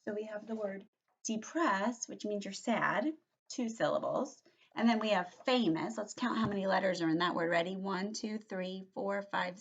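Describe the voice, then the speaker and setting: A woman teacher giving a read-aloud vocabulary lesson to young children, animated and patient, checking in with little questioning tags. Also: mid-range voice, slightly rough, highs cut off.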